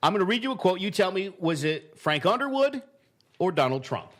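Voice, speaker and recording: A podcast host, a man, who reads quotes in a deliberate, slow way and breaks into laughter often. His voice sits a little high and swings widely in pitch. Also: big pitch swings, a bit bright. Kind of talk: casual chat, reading quotes aloud.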